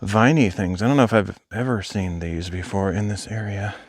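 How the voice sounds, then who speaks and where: A man's voice: lowish voice, moderate pace, dry recording, clean studio sound. A young adult man live streaming while hiking outdoors, chatting casually and thinking aloud as he answers viewers. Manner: rambling, thinking aloud, replies to chat. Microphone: phone.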